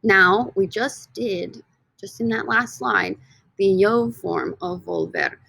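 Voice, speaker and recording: A woman teaching a recorded lesson from slides in an upbeat, teacherly way, often stretching words out slowly for emphasis. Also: mid-range voice, wildly swooping pitch, creaky, a bit bright, husky. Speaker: Spanish teacher.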